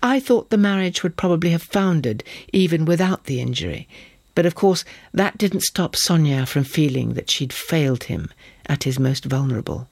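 A man reading a novel aloud in measured, vivid storytelling narration. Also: on the high side, animated, gravelly, no echo, clean studio sound. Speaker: audiobook narrator. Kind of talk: scripted narration.

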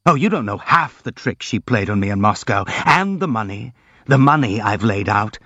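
A man's voice: on the low side, lively intonation, normal speed, sharp tone, no room sound. A man reading the part of a brooding, jealous young man in an audiobook, in an intense, bitter, confiding way, recorded dry and slightly dull.

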